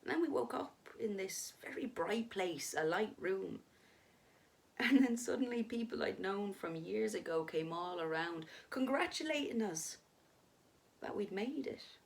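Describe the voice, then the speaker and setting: A woman voicing a dead husband who speaks calmly and patiently to his frightened wife. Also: medium pitch, measured pace, gravelly. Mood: soothing. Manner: soothing, patient. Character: calm ghostly husband, gentle and soothing. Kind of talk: dramatic story reading.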